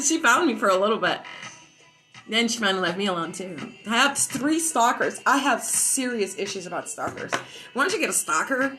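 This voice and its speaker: A woman at home casually telling a story, profane and animated, often laughing as she talks. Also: a little high, normal speed, music in the background, low-quality recording. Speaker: vlogger.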